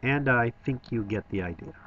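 A man's voice: mid-range voice, moderate pace, fairly bright tone, highs cut off. A man giving a scripted voice-over tour of a toy store, enthusiastic with wry asides.

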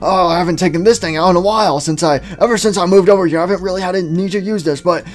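A performer voicing a grumpy male animatronic alligator biker who talks fast and blusters, in a game machinima. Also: medium pitch, lightly acted. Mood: casual. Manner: rapid, blustering, demanding.

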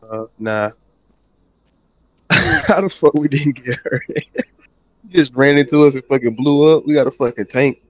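A man's voice: mid-range voice, a little slow, pauses often, no echo. Laid-back swearing young-sounding gamer guy. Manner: laid-back, swears a lot, laughs often. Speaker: gamer playing with a friend. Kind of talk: casual profane gaming chat.

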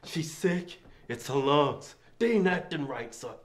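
A man's voice: a little high, animated, a little slow, voice pushed down. A man playing a pathetic husband pleading for his sick wife in a comedy sketch, breaking into laughter again and again. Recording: noisy set recording.

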